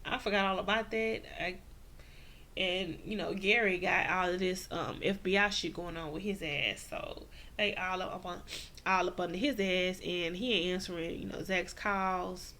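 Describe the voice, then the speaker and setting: A woman's voice: fairly low pitch, fairly even intonation, moderate pace, bright, forceful tone. A woman giving a casual, slangy TV recap, acting out the characters' lines and laughing often. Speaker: TV recap vlogger.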